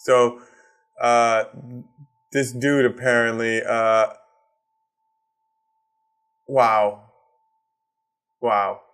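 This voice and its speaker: A man's voice: medium pitch, flat delivery, very slow, pauses often, a bit bright, smooth. A man from Massachusetts with a Boston accent, hosting a solo comedy podcast and ranting with heavy swearing and sarcasm. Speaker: podcast host.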